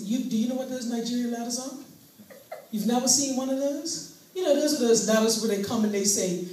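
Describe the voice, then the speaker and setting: A woman performing a stand-up comedy routine, animated in her storytelling and laughing at her own lines. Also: on the high side. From Bermuda. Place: live comedy venue. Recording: very echoey room, distant mic, faint hiss.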